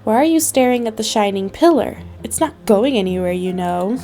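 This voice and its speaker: A woman voicing a young girl in a game who gently protects her baby brother. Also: on the high side, animated, normal speed, faint music behind, lightly acted. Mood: caring. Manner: scolding, caring.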